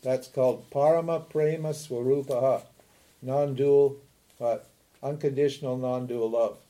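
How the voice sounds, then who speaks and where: This spiritual teacher speaks at a medium pitch with a mellow tone and fairly even intonation. Giving a talk on scripture, he fires rhetorical questions at his audience, laughs frequently while explaining, and slips in a brief chuckling "huh?"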